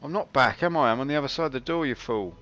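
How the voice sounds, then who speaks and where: Speaking fast at medium pitch with a slightly bright tone, a man offers casual live commentary on his game, chatty and wryly self-mocking. Faint game music runs beneath the slightly dull stream audio.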